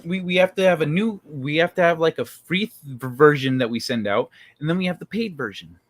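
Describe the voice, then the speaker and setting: A man's voice: on the high side, brisk, no room sound. A man hosting a casual livestream, chatting loosely with viewers and swearing freely. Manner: loose, profane, joking with chat. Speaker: livestream host. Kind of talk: casual livestream chat reading viewer comments.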